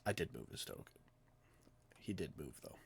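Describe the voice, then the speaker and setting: A man acting as game master, calmly narrating combat results and calling on players in turn. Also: a bass voice, moderate pace, gravelly, husky, no echo. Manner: calm, matter-of-fact narration of combat results. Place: home streaming setup.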